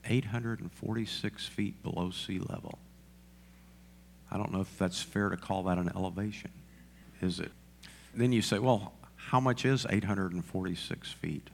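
A man's voice: sits low, normal speed, vocal fry, a little hiss or hum. A male pastor preaching a sermon, asking the congregation questions and repeating lines for emphasis.

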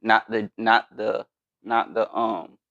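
A man who talks in a hesitant, halting way with many restarts. His low voice has a gravelly rasp, and the recording sounds dull and lo-fi, dry and close. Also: fairly even intonation, pushed and bright, no room sound. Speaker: podcast co-host. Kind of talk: casual podcast chat.

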